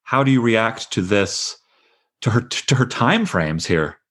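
A man with a fairly low voice leads a book discussion. He speaks with animated emphasis and reads passages aloud. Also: a little slow, husky. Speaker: discussion leader.

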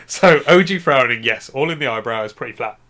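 A man's voice: mid-range voice, lively intonation, brisk, a bit bright. A man chatting casually on a podcast, joking, giggling and rambling through wordplay. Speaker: podcast co-host. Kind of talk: casual comedic chat.

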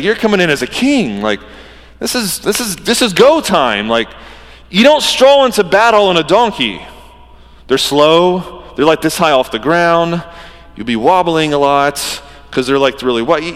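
A man's voice: on the high side, fairly bright tone. A man in his thirties preaching a sermon as a pastor, in a casual conversational manner that acts out imagined dialogue. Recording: reverberant hall.

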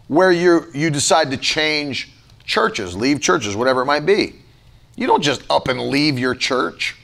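A pastor delivers a sermon in a fairly high, animated, slightly bright voice with vocal fry, taking his time. He shifts between chatty, filler-laden storytelling and emphatic, rhythmic lists of repeated words.

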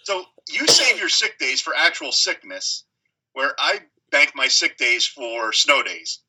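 A man co-hosting a podcast, talking in a casual way, teasing his partner and quick to laugh. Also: medium pitch, sing-song, pushed and bright, husky, rough recording. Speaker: podcast co-host. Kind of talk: casual chat.

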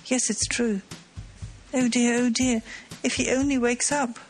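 A woman's voice: fairly high pitch, little pitch movement, a little slow, soft background music, lightly acted. A woman reading as a frightened noble mother. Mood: anxious.

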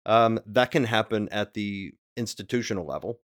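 A man's voice: on the low side, normal speed, a bit bright, no echo, clean studio sound. A man co-hosting a church podcast, talking casually and hedging with many fillers and restarts. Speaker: podcast co-host. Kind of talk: casual discussion.

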